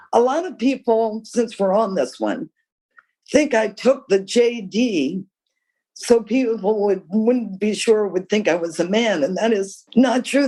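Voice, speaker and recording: Lively older woman telling stories. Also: medium pitch, poor audio. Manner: candid, emphatic, with lively storytelling. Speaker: guest author. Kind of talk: interview answers.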